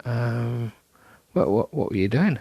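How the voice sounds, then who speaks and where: Man, solo podcast host, gravelly low voice, self-deprecating ramble, dry close mic. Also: lively intonation, a little slow, no echo, lo-fi sound. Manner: self-deprecating, rambling with many ums and restarts. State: tired, yawning. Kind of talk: rambling casual monologue.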